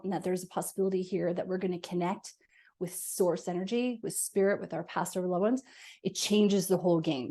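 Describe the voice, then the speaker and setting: A woman guest, a medium, talking in a casual interview, animated and expressive as she explains. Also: medium pitch. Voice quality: animated, talks with her hands.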